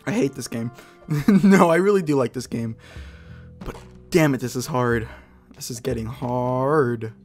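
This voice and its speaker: A young man giving casual let's play commentary, frustrated and swearing as he fights a hard boss, with loud outbursts. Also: mid-range voice, measured pace, soft background music.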